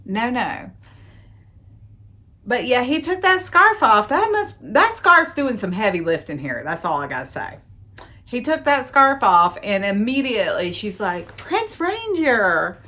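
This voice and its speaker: A woman talks through a romance novel's plot at an unhurried pace, pausing to drop sarcastic asides. Her voice sits at an ordinary middle pitch, and she leans hard on the words she finds absurd. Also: a bit bright. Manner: wry, sarcastic asides, dramatic emphasis. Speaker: book reviewer and podcast host. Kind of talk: sarcastic book recap.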